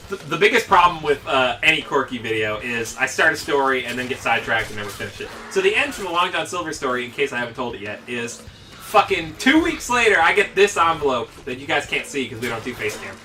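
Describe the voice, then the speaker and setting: Bright, profane man rambling over gameplay. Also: medium pitch, sing-song, fast, distant mic. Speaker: let's play commentator. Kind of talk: casual gaming commentary.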